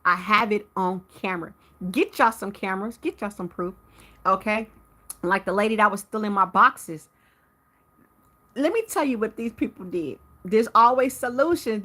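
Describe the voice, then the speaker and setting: A woman with a bright, forceful voice recounts a run-in with a neighbor on a live stream. Her pitch sits in a middle range. She talks straight to her viewers, heated and animated. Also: normal speed. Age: adult with a teenage son. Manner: addresses viewers directly. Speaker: livestream host.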